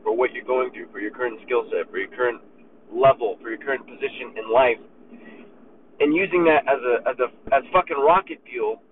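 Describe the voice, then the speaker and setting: Profane fired-up man in a car. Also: mid-range voice. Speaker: podcast host. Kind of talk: casual motivational monologue. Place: in a car while driving. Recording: tinny phone-like recording with faint road noise.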